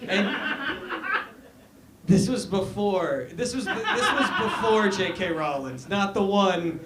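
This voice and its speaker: A man in his thirties doing a halting, deadpan, self-deprecating stand-up set on a handheld mic in a small club. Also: high-pitched, background noise. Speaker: stand-up comedian. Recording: roomy live venue sound.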